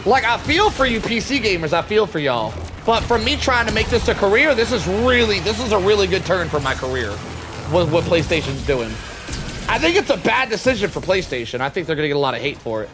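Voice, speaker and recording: Over music and clear game noise, a young man streams live gameplay and talks with viewers in a very animated, fairly quick voice that sits high. He chats casually, reads the chat out loud, cracks jokes, and swears.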